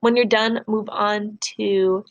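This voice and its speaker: A woman teacher reading a novel aloud to her students in a measured, expressive way, then setting them a question. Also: medium pitch, dull audio.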